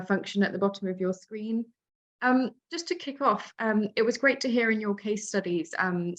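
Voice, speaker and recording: A woman's voice: medium pitch, fairly bright tone, low-quality recording. A woman hosting a webinar on a video call. She thanks the speaker and moves into questions, politely and with many ums. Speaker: webinar host.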